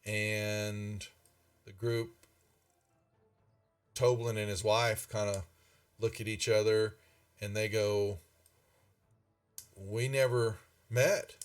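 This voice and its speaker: A man's voice: fairly low pitch, completely flat delivery, takes it slowly, pauses often, clear, resonant tone, distant mic, soft background music. A man narrating a tabletop game as game master in a rambling, filler-heavy way.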